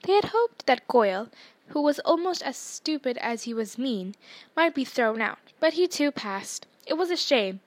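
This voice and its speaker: A woman's voice: high voice, very animated, normal speed. A woman reading a children's fantasy story aloud as narrator, with small shifts in her voice for the dialogue.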